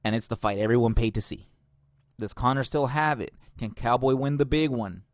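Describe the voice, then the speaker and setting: A man's voice: mid-range voice, fairly quick, dry recording, clean studio sound. A man hosting a podcast, ranting casually and profanely with strong opinions. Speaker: podcast host.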